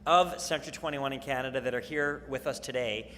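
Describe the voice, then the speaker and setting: Bright-voiced male event host in a hall. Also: medium pitch, a little fast. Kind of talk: emcee announcements. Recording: echoey hall with crowd and faint noise.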